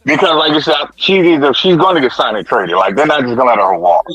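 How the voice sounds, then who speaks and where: A man chatting as a panelist on a live stream, animated, mimicking others and laughing often. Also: medium pitch, quick pace, breathy edge, dull audio. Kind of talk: casual chat.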